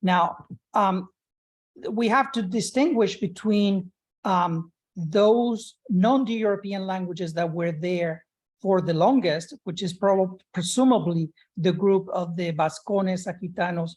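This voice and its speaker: A male professor giving an academic conference presentation, measured and explanatory, with frequent "uh" and "um" fillers and restarts. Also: high voice, a little mellow.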